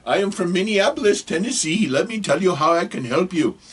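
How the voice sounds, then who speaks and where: A man's voice: sits high, expressive, a little fast, husky, voice pushed up. An older man voicing a scheming fake tech-support scammer, speaking in an overeager, falsely polite way with a put-on foreign accent. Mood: fawning.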